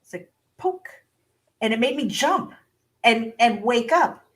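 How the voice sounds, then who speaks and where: Animated woman telling a funny story. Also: a little high, normal speed, poor audio. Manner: animated storyteller, laughs often, acts out quotes. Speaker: guest author. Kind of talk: casual storytelling interview.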